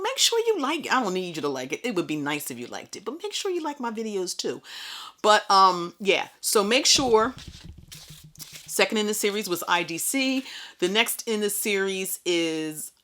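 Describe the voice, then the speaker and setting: A woman's voice: lowish voice, a bit bright. A middle-aged woman vlogger telling her own story in a chatty, candid way, full of asides. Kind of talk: casual personal storytelling.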